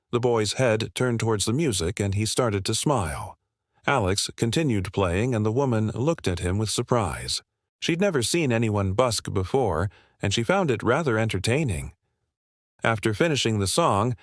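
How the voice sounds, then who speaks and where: Low-voiced man narrating a story. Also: no room sound, clean studio sound.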